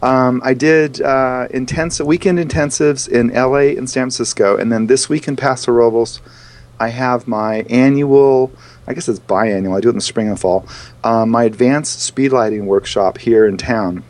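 Man, photography teacher, podcast guest, animated storyteller, quick fillers, ordinary mid pitch. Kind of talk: casual podcast chat.

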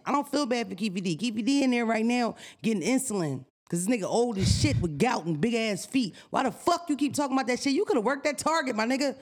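Brash, profane woman podcast host. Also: on the high side. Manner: profane, brash comic ranting. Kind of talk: casual podcast chat.

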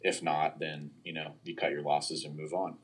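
Very deep, husky-voiced man. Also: level tone, moderate pace. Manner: hedging, analytical, frequent "you know" and "um". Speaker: sports analyst guest. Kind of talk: casual football podcast chat.

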